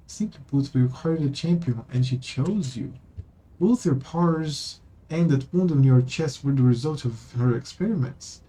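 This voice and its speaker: Pria bersuara gelap dan serak. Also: male voice, mid-range voice, dark tone, rough recording. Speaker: streamer. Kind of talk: reading game text aloud with commentary.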